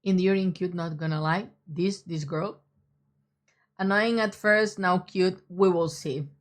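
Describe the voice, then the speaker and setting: A woman's voice: lowish voice, steady tone, unhurried. Woman streamer with dry asides. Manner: casual, dry sarcastic asides. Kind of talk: game playthrough commentary. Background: loud game music.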